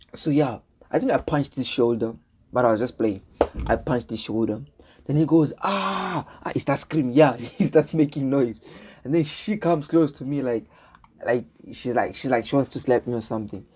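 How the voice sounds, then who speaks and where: A man's voice: mid-range voice, dark tone, a little hiss or hum. A young man casually telling a storytime vlog, rambling, repeating words and often asking "right?" as he acts out what people said. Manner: acts out dialogue in his retelling.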